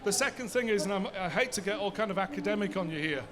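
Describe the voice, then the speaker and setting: A man's voice: sits high, quick pace, a crowd in the background. A man, giving a conversational conference talk and answering his own rhetorical questions. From Bradford, England. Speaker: seminar speaker.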